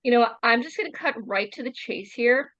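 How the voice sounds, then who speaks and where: A woman's voice: fairly high pitch, animated, fairly quick, a bit bright. Lady doing a scheming prisoner, acts all innocent, dull mic. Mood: sly. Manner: coy, feigning innocence. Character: scheming woman prisoner, sly. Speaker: guest player.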